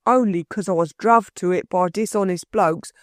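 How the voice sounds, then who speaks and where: A rough burglar, meek and muddled, his slangy working-class talk rambling on, as a woman reader puts him on. The storybook voice sits a little below the reader's own. It is heard dry and close. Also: on the low side, moderate pace, no room sound, close to an everyday voice. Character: rough-spoken male London burglar, bewildered, meek.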